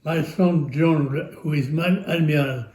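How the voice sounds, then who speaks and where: Older man, French accent, non-native English, halting with many fillers, slow, mellow, echoey room. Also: fairly high pitch, steady tone. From France. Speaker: interviewee. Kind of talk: storytelling interview.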